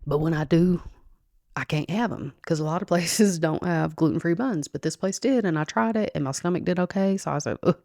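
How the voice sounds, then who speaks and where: A woman's voice: low voice, brisk, creaky, dark tone, no room sound, studio quality. A woman hosting a solo podcast, talking casually to her listeners in a chatty, rambling way with frequent laughs. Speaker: podcast host.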